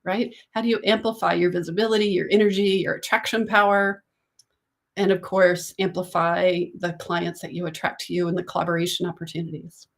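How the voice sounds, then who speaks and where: A woman's voice: fairly low pitch, level tone, fairly quick. A woman business coach talking casually to camera, coaching and often checking in with "right?".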